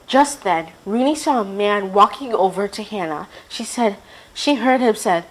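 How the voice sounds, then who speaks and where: A woman hosting a children's show, reading a storybook aloud in a clear, gentle way. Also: medium pitch, normal speed, poor audio.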